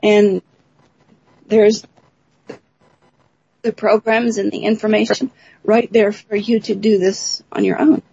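A woman's voice: medium pitch, little pitch movement, slow pace, gravelly, pauses often, warm tone, slightly rough, dry recording, muffled recording. A woman, a guest on a radio interview, giving long, talkative explanations of her research and program. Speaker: guest, bioacoustics researcher and teacher.

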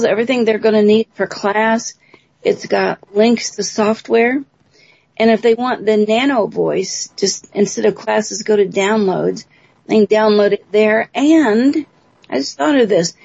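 A woman's voice: mid-range voice, vocal fry, darkish tone, breathy edge, dry recording, dull audio. A woman, a guest on a radio interview, giving long, talkative explanations of her research and program. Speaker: guest, bioacoustics researcher and teacher.

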